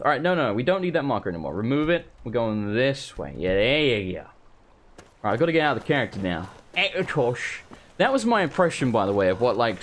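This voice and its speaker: A man, streaming a live let's play with excitable, sweary commentary and jumpy reactions to the game. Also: fairly high pitch, a little hiss or hum. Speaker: gaming streamer.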